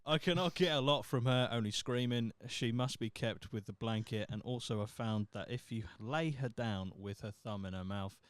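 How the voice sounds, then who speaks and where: A man co-hosting a casual podcast, reading a listing aloud with mocking, deadpan asides. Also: mid-range voice, normal speed, few pauses, smooth, no echo. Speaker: podcast co-host.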